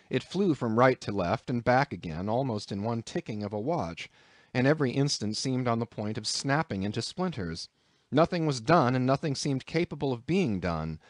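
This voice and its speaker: A man reading a classic novel aloud as an audiobook narrator, measured and expressive. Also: medium pitch, no room sound, studio quality.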